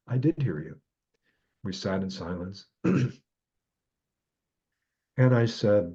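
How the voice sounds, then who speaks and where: Man telling his story, acts out the dialogue, kinda husky, dull sound. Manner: animated, acts out quoted dialogue with jumps in pitch. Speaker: guest author. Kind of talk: reflective storytelling.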